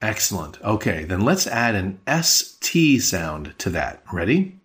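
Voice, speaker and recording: A man's voice: fairly low pitch, big pitch swings, fairly bright tone. Patient male language teacher. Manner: patient, explanatory, slows down on key words. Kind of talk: podcast language lesson.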